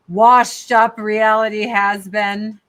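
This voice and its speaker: Speaking from a rural home, this older woman is a guest on a video-call podcast, where she jokes around, talks frankly, and swears freely in a casual chat. Her voice sits at medium pitch and sounds fairly bright.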